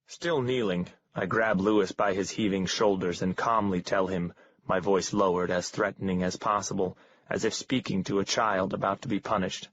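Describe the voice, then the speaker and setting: A man with a husky voice giving a calm, cold, measured first-person reading of a novel. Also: low-pitched. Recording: dull lo-fi dry recording.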